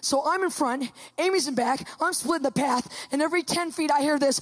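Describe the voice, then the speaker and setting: A woman telling a comic story in an animated, emphatic, dramatic way. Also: high voice, a little fast, few pauses, a little hiss or hum.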